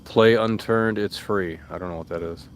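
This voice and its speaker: A young man with a fairly low voice talks casually to his stream chat. He is blunt and exasperated, swears a lot and mocks comments with sarcastic put-on voices. A faint hum of background noise sits under his voice. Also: normal speed.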